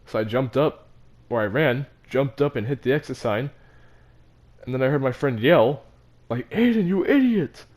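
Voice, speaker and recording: A man's voice: medium pitch, fairly even intonation, normal speed. A teenage boy telling a story about his school in a casual, rambling, self-mocking way, with many fillers and restarts. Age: teens. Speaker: vlogger.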